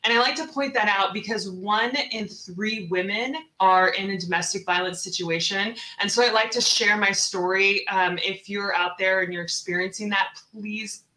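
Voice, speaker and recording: A woman's voice: mid-range voice, steady tone, normal speed, hardly any pauses, sharp tone, echoey room, low-quality recording. A woman from Seattle, a real estate investor and podcast guest, telling her story earnestly and repeating words for emphasis. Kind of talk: personal story in an interview.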